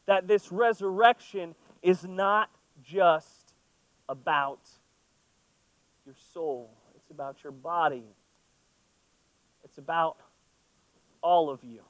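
Pastor, male, high-pitched, relaxed and playful sermon delivery, dry close sound. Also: takes it slowly, pauses often, no echo, rough recording. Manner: conversational, playful asides. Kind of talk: sermon with scripture reading.

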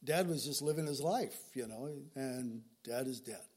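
A man's voice: medium pitch, moderate pace, darkish tone. An older male pastor preaching an earnest sermon, telling stories and often repeating words as he speaks. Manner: earnest, storytelling, repeats words when moved.

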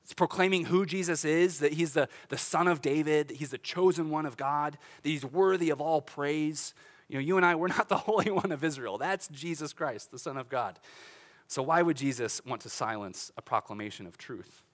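A middle-aged man, a pastor, preaching a sermon in a church in a casual, animated way, with laughs and restarts. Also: on the high side, normal speed. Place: church sanctuary.

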